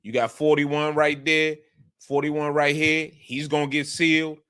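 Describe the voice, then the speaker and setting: A man's voice: fairly high pitch, unhurried, smooth. A man breaking down football game film in casual commentary, repeating his points and speaking with an emphatic coaching tone. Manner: repetitive, emphatic, coaching tone, breaks into animated outbursts.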